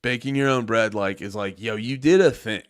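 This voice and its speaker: A man's voice: lowish voice, moderate pace, clean tone. A man hosting a livestream, rambling casually, swearing and joking. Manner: rambling, profane, joking, laughs often. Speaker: livestream host.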